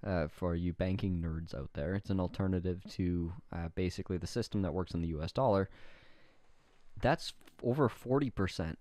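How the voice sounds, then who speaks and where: Deep-voiced opinionated young man. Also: dark tone. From Canada. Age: young adult. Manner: opinionated, deliberate, casual swearing. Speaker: podcast co-host. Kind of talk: casual chat.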